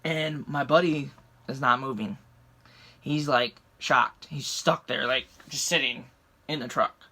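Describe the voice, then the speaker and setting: A man's voice: mid-range voice, a little slow, bright, forceful tone. A young man from the rural United States telling a story casually, heated and swearing constantly. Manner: profane, heated retelling.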